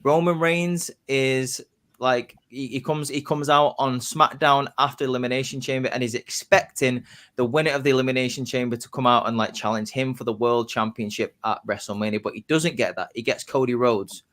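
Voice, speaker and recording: A man on a casual podcast, telling his predicted wrestling storyline like excited play-by-play. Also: medium pitch, a little fast. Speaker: podcast host.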